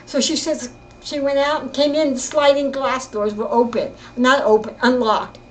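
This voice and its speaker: An older woman telling her own story in casual, rambling speech, often halting and repeating herself. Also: high voice, fairly even intonation, rough recording. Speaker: interviewee recounting her life. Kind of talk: casual spoken reminiscence.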